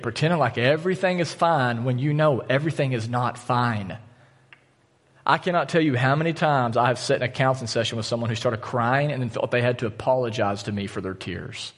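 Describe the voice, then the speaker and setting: A man's voice: mid-range voice, brisk. A man preaching a sermon as pastor, earnest and direct with his congregation. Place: church auditorium. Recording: long church hall reverb.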